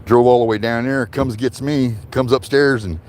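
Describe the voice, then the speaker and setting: A man's voice: mid-range voice, fairly even intonation, moderate pace, darkish tone, a little hiss or hum. A man telling a long casual story, rambling and profane, chuckling between lines. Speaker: vlogger.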